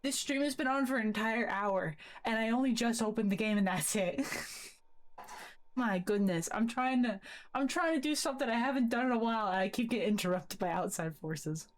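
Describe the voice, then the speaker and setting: A woman's voice: a little high, moderate pace. A young woman streaming from her bedroom, chatting casually in a rambling, giggly way and swearing freely. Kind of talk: casual live-stream chat. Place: bedroom at a desk.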